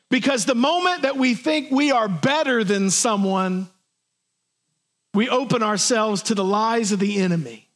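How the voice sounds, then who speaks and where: A man preaching a sermon to his congregation in an earnest, plain way, sometimes acting out voices. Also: high-pitched. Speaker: pastor.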